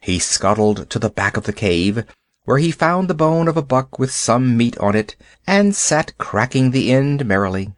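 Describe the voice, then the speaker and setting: A man narrating a classic animal story aloud in a measured, expressive storytelling manner. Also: medium pitch, no echo. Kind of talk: storybook reading.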